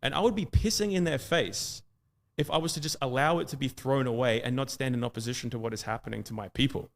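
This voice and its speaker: An Australian man with a medium-pitched, gravelly voice delivers an impassioned monologue. He speaks emphatically, often pausing on "uh" as his intensity builds.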